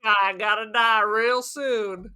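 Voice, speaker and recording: A woman's voice: a little high, steady tone, slow, sharp tone, smooth. A woman co-hosting a podcast, giving her take on a film in a blunt, salty, often laughing casual chat. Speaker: podcast co-host.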